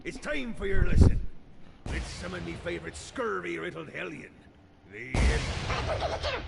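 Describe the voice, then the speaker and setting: Swaggering pirate captain, gravelly drawl, high lively voice, game music behind. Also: male voice, heavy background noise, heavily acted. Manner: swaggering, bossy, theatrical. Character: boisterous pirate captain in hell, gruff. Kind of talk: video game character dialogue.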